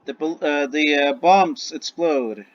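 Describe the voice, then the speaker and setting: Guy running a tabletop game, slow and rambly, fixes himself mid sentence, kinda muffled audio. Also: a little high, no room sound. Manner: rambling, self-correcting narration. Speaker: game master.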